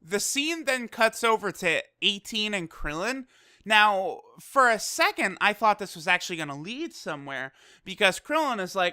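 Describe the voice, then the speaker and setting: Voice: mid-range voice, big pitch swings, moderate pace, sharp tone, clear, resonant tone, no room sound, clean studio sound. A casual anime episode reviewer recapping the plot, chatty and loose, swearing and laughing easily. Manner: loose, full of fillers like "you know".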